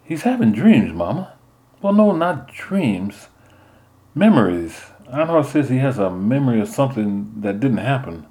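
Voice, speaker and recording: A man's voice: medium pitch, big pitch swings, unhurried, mellow, pitched above the performer's own voice. A man voicing an earnest, worried teenage boy who pleads with his mother. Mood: pleading.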